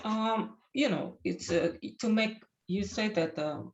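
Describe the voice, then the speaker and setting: A woman student in a language class, asking a question hesitantly with many pauses. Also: mid-range voice, muffled recording, a little hiss or hum.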